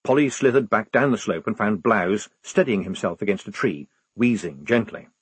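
A man narrating an audiobook with an expressive, varied delivery. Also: on the low side, normal speed, slightly rough, no echo. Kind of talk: scripted narration.

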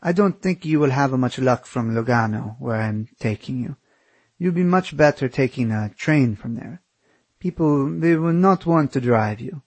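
A man voicing a friendly young woman driver whose first language is Italian, speaking careful English with gentle amusement. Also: mid-range voice, lively intonation, moderate pace, no room sound. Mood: doubtful.

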